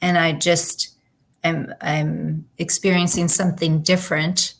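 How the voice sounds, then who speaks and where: Woman guest, slow and halting, low voice, reflective. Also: little pitch movement. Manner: halting, searching for words. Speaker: guest co-host. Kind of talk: reflective personal chat.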